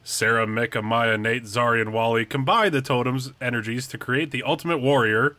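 A man's voice: mid-range voice, steady tone, bright, forceful tone, no room sound. A man co-hosting a podcast, reading a recap aloud with small stumbles. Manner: halting, stumbles over words. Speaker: podcast co-host. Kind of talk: reading a recap, then casual chat.

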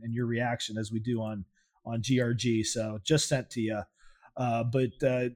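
A man co-hosting a casual comedy podcast, excitable, laughing often and swearing freely. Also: a little high. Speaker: podcast co-host.

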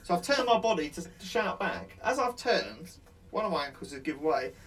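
Bloke, slightly high voice, swearing his way through army stories, casual chat. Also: big pitch swings, a little fast, fairly bright tone, husky. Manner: swearing, rambling, laughing anecdotes. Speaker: ex-soldier telling war stories.

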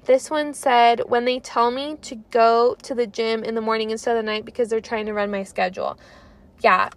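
Casual chat drives this podcast, hosted by a woman in her twenties who speaks animatedly, says "like" constantly, and trails off mid-thought. Her voice is a little high, with a steady tone and normal speed.

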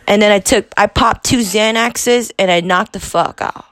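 A young woman in her twenties hosts a podcast, telling a personal story in a halting, profane confessional monologue. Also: mid-range voice, a bit bright, dry recording. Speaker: podcast host.

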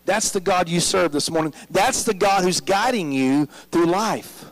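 A man's voice: high voice, unhurried, poor audio. A man preaching a sermon as pastor, drawing the congregation in with frequent "amen?" prompts.

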